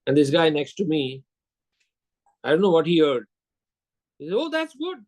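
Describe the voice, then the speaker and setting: A man's voice: on the high side, normal speed, a little mellow, rough recording. An older man giving a sales lecture, telling anecdotes, acting out dialogue and quizzing his audience.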